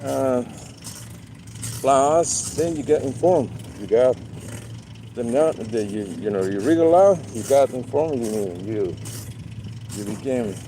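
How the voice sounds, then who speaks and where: Slow, rambling man with street noise. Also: medium pitch, dark tone, poor audio. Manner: rambling, repeats words, many fillers. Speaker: livestream host. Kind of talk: casual live-stream monologue.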